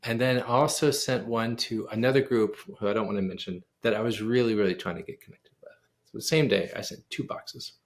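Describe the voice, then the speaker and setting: Gravelly-voiced man telling an animated story. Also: on the low side, brisk, hardly any pauses. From United States. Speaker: guest pianist and composer. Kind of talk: storytelling in a casual interview.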